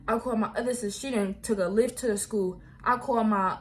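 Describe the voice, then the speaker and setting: A young woman, telling viewers a storytime vlog in animated, slangy talk. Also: on the high side, fast talker. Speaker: vlogger.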